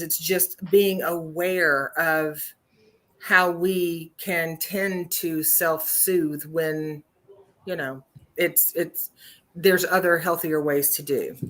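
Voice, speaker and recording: A woman co-hosting a talk show, speaking earnestly and thoughtfully with many pauses and fillers. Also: on the low side, steady tone, fairly bright tone. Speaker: co-host. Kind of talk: casual talk show chat.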